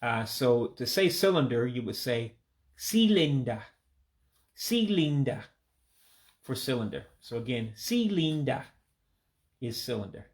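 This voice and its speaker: A man who speaks English as his first language gives a casual vocabulary lesson, repeating each word slowly and pronouncing it carefully. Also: medium pitch. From United States. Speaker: language learner teaching vocabulary.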